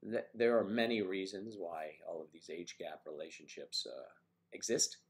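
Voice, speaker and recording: An older man hosting a casual live stream and chatting through viewer comments. He talks in a halting way and often clears his throat. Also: sits low, steady tone.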